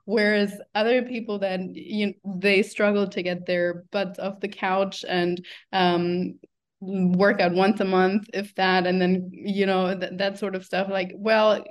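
A woman hosting an interview, talking earnestly and posing direct rhetorical questions. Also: mid-range voice. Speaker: podcast host, interviewer. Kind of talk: casual interview talk.

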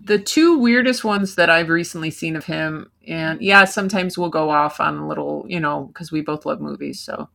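Rambling woman co-host, gravelly fry, tense bright tone. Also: sits low, moderate pace, few pauses. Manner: rambling, filler-heavy storytelling. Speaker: podcast co-host. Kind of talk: casual podcast chat.

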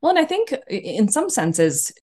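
A woman's voice: fairly high pitch, huge pitch swings, moderate pace, a little mellow. A woman hosting a podcast in casual, friendly chat, agreeing readily and laughing often. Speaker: podcast host.

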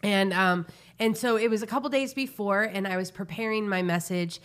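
A woman's voice: mid-range voice, normal speed. A woman pastor co-hosting a casual faith talk show. She speaks in an earnest, reflective way and uses many fillers. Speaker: pastor and co-host.

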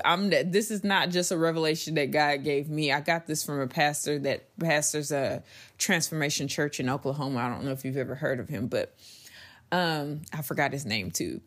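A woman's voice: sits low, moderate pace, fairly bright tone. A young adult woman hosting a faith-based podcast, speaking in an earnest, conversational way that turns emphatic as she goes. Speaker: podcast host.

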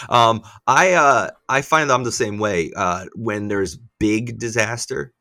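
A man's voice: on the low side, measured pace, pushed and bright, dry recording, clean studio sound. A man in his thirties, a podcast co-host and father, telling family stories in casual chat with plenty of laughter and swearing.

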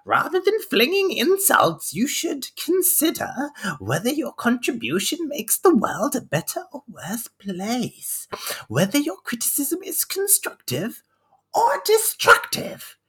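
A man putting on a squeaky preachy imp. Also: wildly swooping pitch, takes it slowly, a bit bright, full character voice. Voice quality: high squeaky with whispered bits. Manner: sanctimonious, lecturing.

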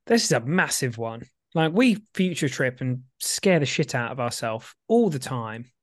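A man co-hosting a podcast in a relaxed, joking, rambling way. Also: medium pitch, normal speed, no room sound, studio quality. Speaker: podcast co-host. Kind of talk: casual podcast chat.

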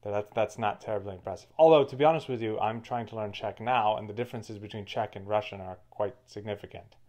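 Fluent, low-voiced male co-host. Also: quick pace, darkish tone. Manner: fluent, explanatory. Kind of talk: casual chat.

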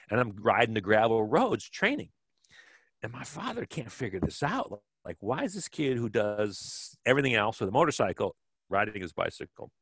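Man in his fifties, low voice, rambling storyteller, dry close sound. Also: no echo. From Kenosha, Wisconsin. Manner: rambling, many restarts and "like" fillers. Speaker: guest, former track cyclist. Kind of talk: relaxed storytelling interview.

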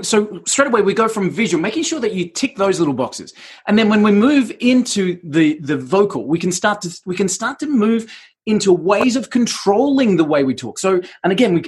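A man hosts an interview podcast, eagerly backing his guest and summing up each point in his own words. His voice sits high and has a husky edge. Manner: enthusiastic, affirming, recaps the guest's points. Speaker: podcast host. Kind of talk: conversational interview.

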